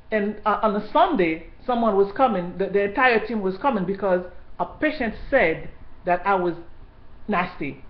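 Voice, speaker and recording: A woman who worked in hospital care gives a personal testimony, indignant and halting, restarting often. Her voice is medium-pitched, with a roomy sound and the highs cut off.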